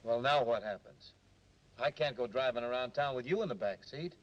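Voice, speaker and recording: An actor playing an easygoing young cab driver and crooner, breezy and joking, in a 1930s film. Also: male voice, medium pitch, normal speed, lightly acted. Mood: teasing. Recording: dull old film soundtrack with hiss.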